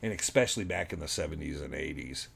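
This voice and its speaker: A man's voice: a bass voice, expressive, quick pace, gravelly, a bit bright, breathy edge. A middle-aged man from Arizona hosting a livestream, chatting casually and rambling with many ums. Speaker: livestream host.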